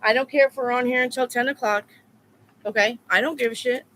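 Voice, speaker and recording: A woman's voice: a little high, fairly even intonation, fairly quick, a bit bright, slight background noise. A woman tarot reader talking live to her viewers in a blunt, repetitive, profane way. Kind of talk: live-stream chat with viewers.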